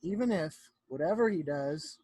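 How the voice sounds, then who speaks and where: A man's voice: fairly high pitch, lively intonation, normal speed, mellow, husky, no room sound. A man reading as a plucky little mouse. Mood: earnest. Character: small brave mouse, male pilot.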